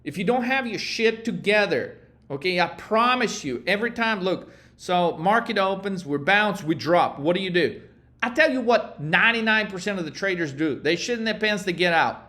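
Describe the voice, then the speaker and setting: A brash, foul-mouthed man coaches traders through a chart lesson with a high-pitched voice. He talks in heated bursts and mocks anyone too scared to buy. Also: lively intonation, moderate pace, bright, forceful tone. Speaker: trading coach. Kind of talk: profane motivational trading lesson.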